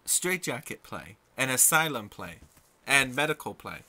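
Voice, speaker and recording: A man's voice: medium pitch, very animated, measured pace, bright, forceful tone. A man co-hosting a casual stream, prompting his friend with questions and requests. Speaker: stream co-host.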